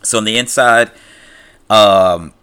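Bright-voiced man casually recapping a film. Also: fairly low pitch, slow, clean tone. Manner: loose retelling with many fillers and "he's like" quotes.

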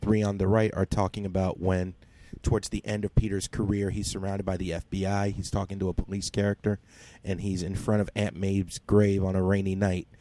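A man's voice: deep voice, little pitch movement, a little fast, warm tone. A man on a podcast steadily recapping a comic issue in casual, methodical detail. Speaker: podcast co-host.

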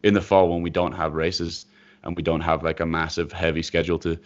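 Young male runner, very deep voice, hesitant casual chat. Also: little pitch movement, a little fast. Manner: thoughtful, hesitant, many you-knows. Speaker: professional runner, podcast co-host. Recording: dull lo-fi audio.

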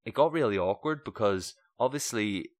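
A young man, co-hosting a podcast and telling a story in casual, animated chat, swearing freely and leaping up in pitch when he quotes people. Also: moderate pace. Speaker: podcast co-host.

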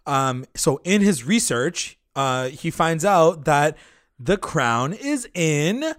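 Chatty higher-voiced man, dry sound. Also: sing-song, takes it slowly, no room sound. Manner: loose and chatty, lots of fillers and swearing. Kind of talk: casual chat.

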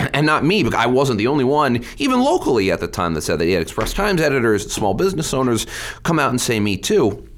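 A man answering interview questions in an animated way, often acting out what people said. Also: mid-range voice. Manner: animated, quick to anger, acts out quotes. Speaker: state legislator and guest.

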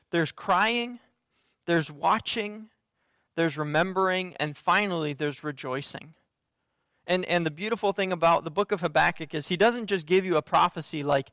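A man's voice: high voice, a bit bright, dry recording, studio quality. A man giving a sermon as a pastor, earnest and conversational, with frequent fillers and restarts.

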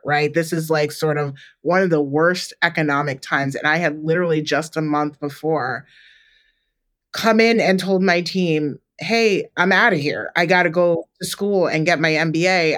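A woman in her forties, co-hosting a podcast, telling a story in a relaxed, reflective way with many "like"s and "you know"s. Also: low voice. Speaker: podcast co-host. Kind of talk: casual chat.

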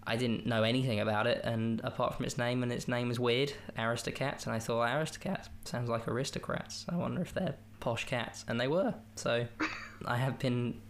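This podcast host's mid-range voice moves a little fast over slight background noise. He chats casually about a film, rambling, joking and amusing himself along the way.

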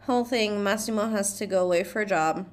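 A woman's voice: medium pitch, a little fast. Chatty, giggly young woman recapping a film. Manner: chatty, profane, laughs often, lots of "like" and "blah, blah".

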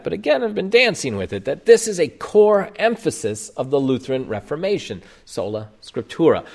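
A male pastor delivers a sermon, his voice moving with lively rises and falls in pitch. He explains his points emphatically, stressing key words and posing rhetorical questions to the congregation. His voice sits at a middle pitch for a man. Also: creaky. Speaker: Lutheran pastor.

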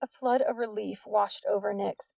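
A woman narrating an audiobook in an even storytelling read. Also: medium pitch, normal speed, creaky, no echo, far from the mic.

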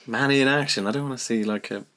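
A man's voice: medium pitch, fast talker, a bit bright. A man co-hosting a podcast, bantering in a jokey, self-mocking way and swearing casually. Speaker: podcast co-host.

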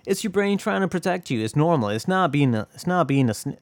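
On his casual solo podcast, a man rambles, swears and jokes at his own expense. He sounds animated and brisk, his voice a little high, in a dry recording.

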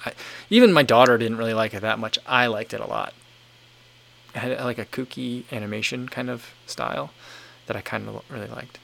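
A man's voice: medium pitch, vocal fry, a bit bright, a little hiss or hum. A man hosting a casual livestream, reading viewer comments aloud and answering them in a rambling, filler-heavy way as he thinks aloud. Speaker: livestream host reading chat.

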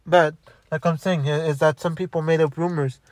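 A man's voice: a little high, fairly even intonation, moderate pace, dry recording. Bitter, rambling young man venting. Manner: bitter, profane, rambling with many restarts. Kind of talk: angry personal storytelling monologue.

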